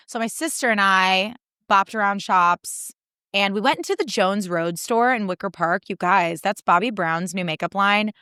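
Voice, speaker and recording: A young woman hosts her podcast, rattling off stories with a casual, exasperated edge and plenty of "like." Her voice is smooth and clear at a middling pitch. The sound is close and dry. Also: moderate pace, pushed and bright, no echo. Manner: chatty, exasperated, acts out quoted people in funny voices; heavy use of "like" as filler. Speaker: podcast host. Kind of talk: casual storytelling monologue.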